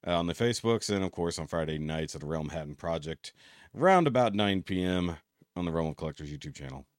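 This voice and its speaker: A man's voice: sits low, lively intonation, fast talker, no room sound, studio quality. A man hosting a casual podcast chat, loose and profane, often laughing at his cohosts. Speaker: podcast host.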